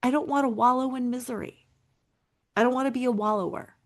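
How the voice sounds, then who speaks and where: A woman's voice: a little high, fairly quick. A middle-aged woman hosting a solo podcast as a recovery coach, talking in an earnest, emphatic way and repeating key phrases.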